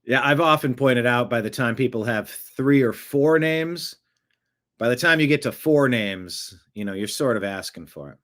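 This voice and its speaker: Dude hosting his commentary channel, casual and wry, middle pitch. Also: animated, normal speed, fairly bright tone. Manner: chatty, wry asides. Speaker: channel host.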